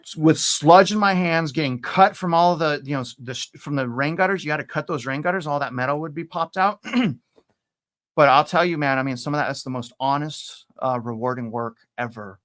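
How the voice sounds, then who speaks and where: A middle-aged man telling his story as a podcast guest, animated and repeating himself, jumping up in pitch when he acts out quotes. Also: fairly quick, no echo, clean studio sound. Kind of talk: casual interview storytelling.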